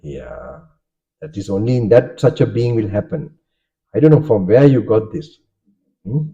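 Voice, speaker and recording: A Sri Lankan monk who is a native Sinhala speaker delivers a Dharma talk at a measured pace, his lowish, mellow voice full of lively intonation. He poses questions to the audience and frequently asks "okay?" to check in. The recording is dull and lo-fi.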